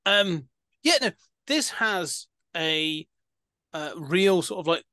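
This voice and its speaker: A man with a fairly high voice chats casually about films, wandering through his points with plenty of fillers and restarts. The recording is close and dry, with no room sound. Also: lively intonation, takes it slowly, sharp tone, dry recording. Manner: chatty, rambling with many fillers and restarts. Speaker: podcast host. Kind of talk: casual film-review chat.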